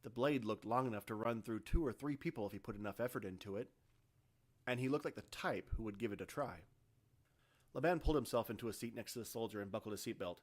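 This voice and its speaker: A man, the author, reading his own science fiction story aloud in steady, even narration. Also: fairly low pitch, quick pace. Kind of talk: audiobook narration.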